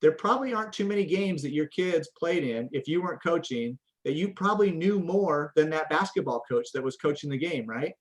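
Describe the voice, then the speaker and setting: In an interview, a middle-aged man who works as a coach and parent educator answers questions earnestly and conversationally. His fairly high voice is expressive and brisk, with hardly any pauses. He often restarts sentences and repeats words as he begins them.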